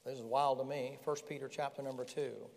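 A man preaching a sermon as pastor, folksy and animated, firing rhetorical questions at the congregation. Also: medium pitch, a little fast, vocal fry. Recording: long reverb in a large hall.

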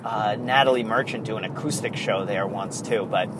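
A man's voice: lowish voice, moderate pace, noisy background. A man hosting a podcast in casual chat, rambling and going off on tangents. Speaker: podcast host.

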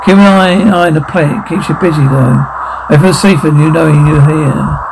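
A man performing a one-man audio drama, voicing every role and switching between clipped military voices and plain talk, with a gravelly voice. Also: fairly high pitch, fairly quick, noisy background.

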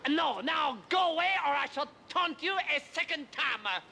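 A jeering French castle guard. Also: male voice, extremely high pitch, lively intonation, normal speed, creaky, heavily acted. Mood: taunting. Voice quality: mocking, exaggerated, shouted insults. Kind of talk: film comedy acting. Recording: noisy film clip.

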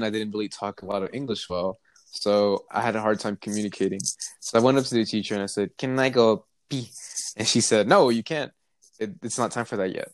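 A man's voice: on the low side, dry recording. A young man casually telling a funny childhood story, laughing and acting out the people in it. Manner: laughing, acts out voices in his stories.

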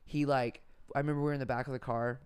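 Man, podcast host, casual storytelling, smooth clear voice, laid-back and profane. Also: medium pitch, little pitch movement, racing.

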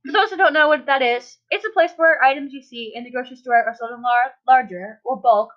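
Young woman reading stuff out on a podcast, high voice, dull mic. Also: quick pace. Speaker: podcast co-host. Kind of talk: casual chat, reading reviews aloud. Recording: dull lo-fi sound.

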